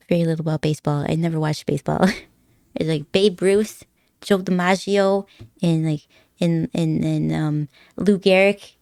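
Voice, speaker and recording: A woman streamer with a creaky, dark, fairly low voice gabs casually with her viewers. She giggles a lot and teases them in a playful way, captured on a close, dry mic without any echo.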